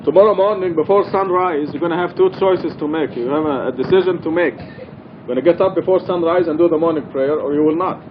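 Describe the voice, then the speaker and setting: Earnest man teaching in a mosque. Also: fairly quick. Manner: earnest, explanatory, emphatic with occasional laughs. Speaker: Quran study teacher. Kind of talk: informal religious study talk. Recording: dull lo-fi archival recording with faint rumble.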